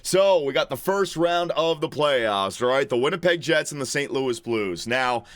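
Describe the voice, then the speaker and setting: A man thinking aloud as he fills out a hockey playoff bracket, chatting to viewers as ladies and gentlemen in an excitable way, with sudden outbursts and stammered restarts. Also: medium pitch, unhurried, dry recording. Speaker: hockey channel host. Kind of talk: casual sports commentary while filling out a bracket.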